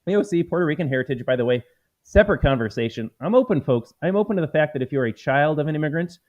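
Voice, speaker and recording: A man's voice: a little high, animated, fast, a little mellow. A man hosting a live political commentary stream, talking in an emphatic, combative way and calling his viewers folks. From United States. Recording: slightly dull lo-fi stream audio.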